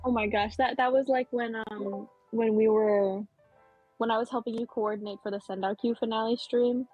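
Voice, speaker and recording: A woman co-commentating an esports stream, playful and sarcastic, quick to get excited. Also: a little high, phone-quality sound, soft background music. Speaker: tournament co-commentator.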